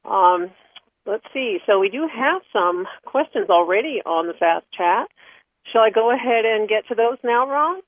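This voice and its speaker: A woman's voice: on the high side, expressive, unhurried, dry recording. A woman co-hosting a radio show, reading out announcements in a friendly, hesitant way with many fillers. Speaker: radio co-host. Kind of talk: casual radio talk and announcements. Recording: phone-like line, dry.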